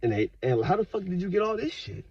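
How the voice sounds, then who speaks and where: A man vlogging in a rambling, profane rant, his fairly high voice husky and a bit raspy. He breaks into sudden loud outbursts. The dry, dull lo-fi sound has no room echo. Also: sing-song, quick pace. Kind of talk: casual monologue to camera.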